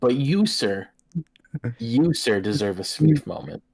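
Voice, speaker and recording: A man's voice: medium pitch, expressive, slow pace, darkish tone. Cocky young man calling in. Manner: cocky, giggly, repeats himself. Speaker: call-in guest. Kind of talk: casual comedic banter. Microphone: call-in, remote.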